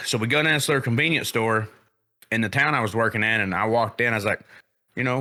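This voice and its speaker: A man's voice: medium pitch, fast, pushed and bright. A man, telling a profane story in a casual podcast chat. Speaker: podcast co-host.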